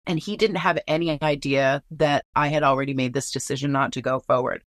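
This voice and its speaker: A woman's voice: low-pitched, steady tone, a little fast, hardly any pauses, dry recording, clean studio sound. A woman telling a painful personal story in an earnest, candid way, swearing now and then. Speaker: guest.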